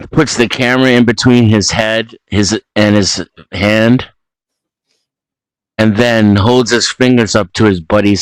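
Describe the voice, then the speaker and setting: A man's voice: on the low side, smooth, no echo, low-quality recording. A man in a casual group chat, joking around and retelling comedy sketches. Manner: jokey, quoting comedy bits.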